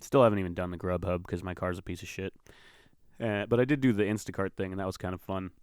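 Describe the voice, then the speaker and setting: Profane rambling man, smooth low voice. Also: steady tone, fast talker, darkish tone, no room sound, studio quality. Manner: rambling, profane storytelling with fillers. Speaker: podcast host. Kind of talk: casual monologue.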